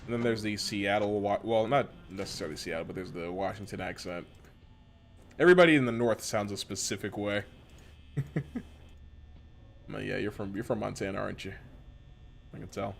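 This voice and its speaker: A man's voice: on the low side, moderate pace, creaky, pauses often, a little hiss or hum. A man from the western United States chatting casually and profanely while streaming a game, rambling with lots of slang. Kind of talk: casual gameplay chat.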